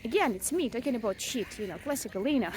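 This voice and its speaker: A woman's voice: a little high, animated, a little fast, darkish tone, a little hiss or hum. A young mother venting in a casual, rambling vlog, frank and self-mocking, with frequent swearing and fillers. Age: young adult. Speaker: vlogger, mother.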